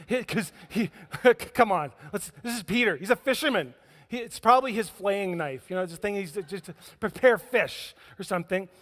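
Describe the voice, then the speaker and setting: A man's voice: high-pitched, normal speed, fairly bright tone. A man preaching a sermon as pastor, telling stories with humor and acting out the scenes. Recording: echoey church hall.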